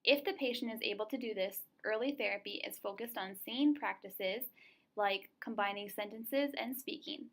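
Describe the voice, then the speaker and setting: A young woman narrating voice therapy steps and then coaching a client through them, slow and encouraging as she models each sound. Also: medium pitch, a bit bright. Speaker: student clinician demonstrating therapy. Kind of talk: scripted lesson narration and role-played therapy session. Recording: echoey room with faint ambient noise.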